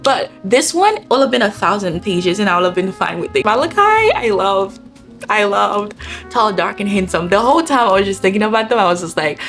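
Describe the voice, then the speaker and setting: A young woman vlogger chatting casually and gushing about books, swinging from low murmurs to excited bursts. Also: fairly quick, soft background music. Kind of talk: casual chat.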